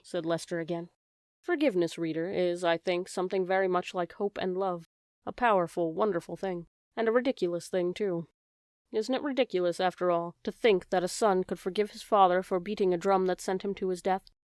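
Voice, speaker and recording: A woman's voice: lowish voice, fairly even intonation, normal speed, no room sound, studio quality. A woman narrating a children's audiobook, telling the story and speaking directly to the reader.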